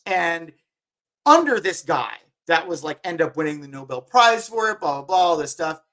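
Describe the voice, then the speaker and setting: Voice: medium pitch, big pitch swings, normal speed, a bit bright. A company head hosting a weekly markets show in an easygoing, unscripted way. The talk wanders and keeps stalling on filler words before each point lands. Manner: rambling, heavy with "like" and "um" fillers.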